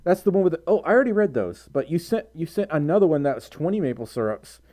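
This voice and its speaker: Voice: medium pitch, lively intonation, quick pace, mellow. A live streamer chatting casually and reading out donations, giggling, rambling and running themselves down. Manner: giggly, rambling, flustered, self-deprecating.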